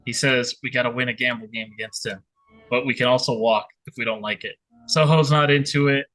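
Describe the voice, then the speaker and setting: Bright-voiced man chatting as a player. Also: medium pitch, fairly even intonation, brisk, poor audio. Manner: casual and blunt. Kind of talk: casual game chat.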